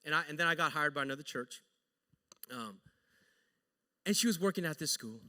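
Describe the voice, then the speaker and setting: A man, a pastor, telling a story in a sermon in an animated, joking, conversational way, recorded in a church sanctuary. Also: fairly high pitch, a little fast, big-room sound.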